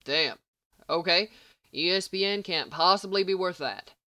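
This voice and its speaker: A woman's voice: fairly low pitch, a little slow, bright, forceful tone, no echo, studio quality. A woman reading the lines of a cocky hitman who talks in a lazy drawl. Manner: drawling, casual.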